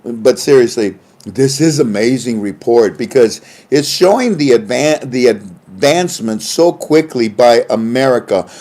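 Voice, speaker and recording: A man's voice: medium pitch, expressive, a little slow, dark tone. A man reading out reports in a casual livestream commentary, with chuckling asides, trailing off and restarting often, recorded on a phone. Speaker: online commentator.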